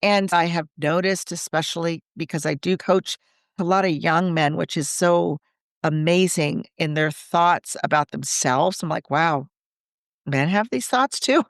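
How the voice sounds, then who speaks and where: An earnest woman coaching in a relaxed podcast chat, thinking out loud through lists and questions. Her voice is smooth and resonant, recorded close and dry with no room sound. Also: lowish voice, measured pace, no room sound. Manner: earnest, reflective, speaks in lists and rhetorical questions. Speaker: Catholic coach and podcast co-host.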